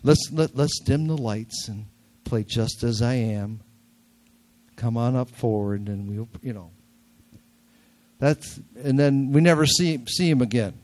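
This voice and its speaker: A man's voice: mid-range voice, measured pace, a little mellow. An older man with a nasal voice preaching a sermon in a church, talking casually with jokes and repeating key words for emphasis. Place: church sanctuary.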